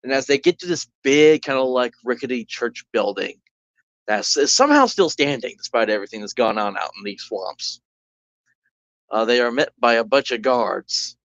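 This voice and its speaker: A man's voice: mid-range voice, expressive, moderate pace, fairly bright tone, no echo. A man running a solo tabletop game, narrating casually with rambling, self-correcting speech. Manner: rambling, full of "like" and restarts. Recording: dull lo-fi recording.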